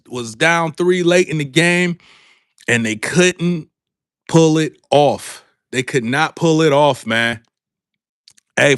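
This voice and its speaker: A man hosting a live sports talk stream, calling out to his viewers and repeating himself in a drawn-out way. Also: a little high, a bit bright, clean tone, no room sound, clean studio sound. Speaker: sports talk show host. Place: home studio with a green background.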